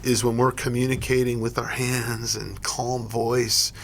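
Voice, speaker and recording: A man's voice: mid-range voice, level tone, a little slow, a little hiss or hum. A man co-hosting a casual instructional talk show about emergency care, explaining step by step with frequent restarts. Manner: thoughtful, repeats and restarts while explaining. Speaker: podcast co-host and EMS educator.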